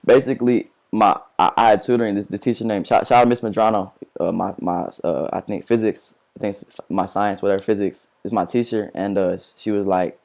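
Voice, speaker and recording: A man's voice: lowish voice, steady tone, brisk, gravelly, hardly any pauses, darkish tone. A teenage man telling a story in a casual interview, slangy and profane, full of fillers and restarts. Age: teens. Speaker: interview guest, rapper.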